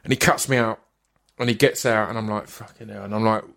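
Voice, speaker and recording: A man's voice: lowish voice, quick pace. Male podcast host in his thirties, sweary storyteller who trips over his words. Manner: sweary, animated storytelling with stammered restarts. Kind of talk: casual chat, storytelling.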